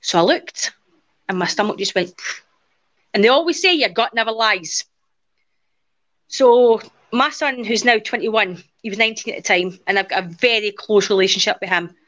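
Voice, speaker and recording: A woman's voice: medium pitch, normal speed. A woman in her forties, a guest in an interview, casually telling a personal story and acting out the dialogue as she goes. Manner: lively retelling that acts out quoted dialogue. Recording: dull lo-fi audio.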